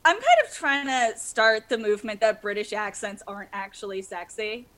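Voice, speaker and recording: A woman's voice: medium pitch, animated, moderate pace, fairly bright tone. A woman co-hosting a podcast, chatting casually in a blunt, teasing, emphatic way. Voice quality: voice others call annoying. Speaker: podcast co-host. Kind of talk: casual chat.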